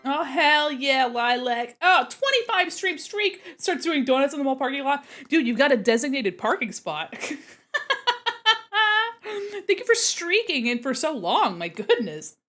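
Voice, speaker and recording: With faint music in the background, a young art streamer talks from home in a high, fairly bright voice that swings widely in pitch, keeping a measured pace. Her mic sits away from her face while she eats, giggles, and chats with her mouth full.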